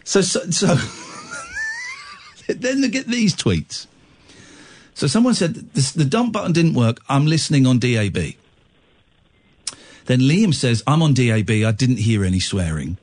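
Male radio host, husky, lively delivery, jokey and rambling. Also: mid-range voice, normal speed. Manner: jokey, rambling, lots of restarts. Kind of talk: late-night radio phone-in chat. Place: radio studio.

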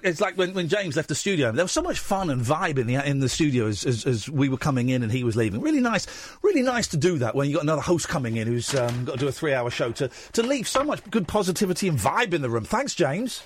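A man's voice: fairly high pitch, big pitch swings, quick pace, slight background noise. A man hosting a late-night radio talk show, joking and rambling with many restarts. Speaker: radio host. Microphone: studio microphone.

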